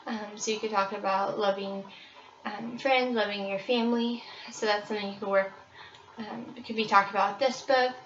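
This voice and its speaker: A woman's voice: medium pitch, steady tone, normal speed, fairly bright tone, far from the mic, a little hiss or hum. A young woman casually presenting children's books, with frequent ums. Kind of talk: book review presentation. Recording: roomy, slightly dull recording.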